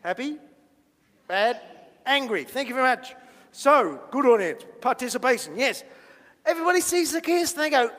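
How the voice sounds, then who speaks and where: A man's voice: extremely high pitch, unhurried, long pauses, fairly bright tone. A man leading a playful children's talk in church, chatty and jokey, quizzing the audience as he draws. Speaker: minister giving a children's talk. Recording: long church-hall reverb.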